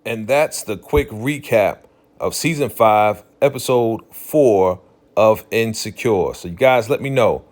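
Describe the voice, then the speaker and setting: A man giving a casual, chatty recap of a TV episode, loose and full of slang and "you know" fillers. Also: lowish voice. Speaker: TV recap channel host.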